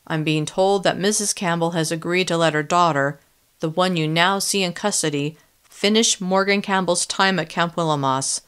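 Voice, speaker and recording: A woman voicing a male TV news reporter in an audiobook, giving the news in an even, formal way. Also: fairly low pitch, moderate pace, clean tone, close to an everyday voice.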